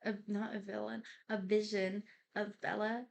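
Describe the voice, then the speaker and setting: A young woman doing quiet ASMR rambling in a casual, giggly way, full of fillers. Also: mid-range voice, level tone, normal speed, creaky. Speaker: YouTuber.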